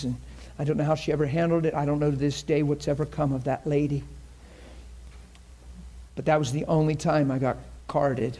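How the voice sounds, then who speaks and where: A man's voice: on the high side, flat delivery, normal speed, mellow. A man preaching a sermon to a congregation, telling a story in an earnest, conversational way and acting out the voices of the people in it. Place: church in front of a congregation.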